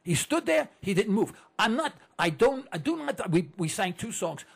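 A man's voice: high-pitched, sing-song, moderate pace, gravelly, breathy edge. A man in his sixties, a broadcaster talking to his listeners in a chatty monologue, telling stories and asking rhetorical questions with lots of repeated words. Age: 60s. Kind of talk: conversational monologue with anecdotes.

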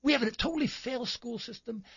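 A man's voice: very high-pitched, quick pace, a bit bright, slightly rough, dry recording, muffled recording. A man hosting a talk show, delivering an impassioned political commentary monologue full of rhetorical questions and indignant emphasis.

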